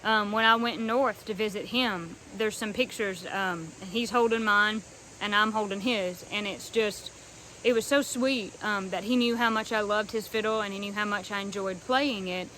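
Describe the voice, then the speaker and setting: A young woman from North Carolina talking earnestly and warmly about a treasured fiddle, with soft pauses and frequent ums. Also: medium pitch, fairly even intonation, a little hiss or hum, low-quality recording. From North Carolina, USA. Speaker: fiddler showing her instrument. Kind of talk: casual heartfelt talk to camera.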